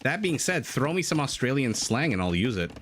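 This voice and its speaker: A man's voice: medium pitch, very animated, brisk, fairly bright tone, slight background noise. A man casting a strategy game live, chatting and joking with his viewers between plays. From Canada. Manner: chatty, jokey, breaks off to answer chat. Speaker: game caster. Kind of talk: live esports commentary, reading chat.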